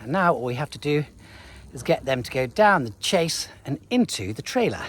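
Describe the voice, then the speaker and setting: Outdoors on his farm and at a livestock market, a man narrates a casual vlog, talking to the camera and coaxing his cattle. He speaks at a normal pace in a highish voice that swings widely in pitch.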